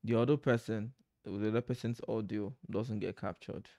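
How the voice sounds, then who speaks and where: A man's voice: on the low side, steady tone, moderate pace, gravelly, warm tone. A man chatting casually to camera from home at night, rambling and breaking off to laugh at himself. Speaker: vlogger. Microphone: desk microphone.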